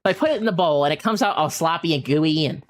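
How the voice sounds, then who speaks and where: While streaming a game, a man tells a funny story in casual chat, his fairly high voice moving at a quick pace. The gaming streamer is animated and keeps breaking into laughter as he goes.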